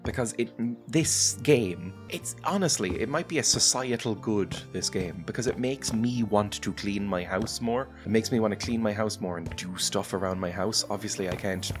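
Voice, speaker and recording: A gaming channel host streams casual let's-play commentary from his home setup, with game music playing clearly behind him. He's low-pitched and talks at a moderate pace with few pauses, rambling, self-deprecating, and chatty with frequent laughs.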